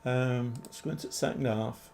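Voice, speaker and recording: A man's voice: medium pitch, brisk, noisy background. A man in his seventies, chatting with viewers and thinking aloud while livestreaming a football management game. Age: 70s. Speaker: gaming livestreamer. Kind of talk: live game commentary and chat.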